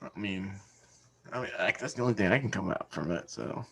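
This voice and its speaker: A man's voice: sits low, lively intonation, fairly quick, vocal fry, a bit bright, slight background noise. A man in his thirties co-hosting a podcast, telling family stories in a casual chat and laughing through them. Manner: laughing storyteller, acts out family quotes. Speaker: podcast co-host.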